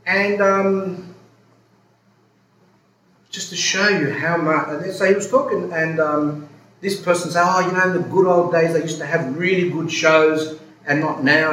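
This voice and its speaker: A man's voice: fairly high pitch, a bit bright. A man, an Orthodox priest giving a casual talk, rambling and storytelling with many asides. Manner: rambling, self-interrupting storytelling. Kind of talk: casual spoken talk with questions. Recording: roomy hall, background noise.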